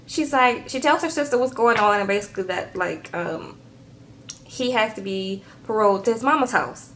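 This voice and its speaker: A woman's voice: medium pitch, expressive, normal speed, fairly bright tone, slight background noise, low-quality recording. A woman recapping a reality show in a casual vlog, sassy and chatty, tagging her lines with "okay?" and "girl".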